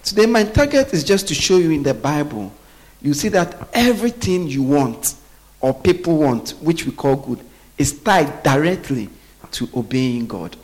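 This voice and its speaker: A man preaching a sermon, often pausing so the congregation can finish his sentences. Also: a little high, very animated, a little mellow. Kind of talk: sermon with call-and-response.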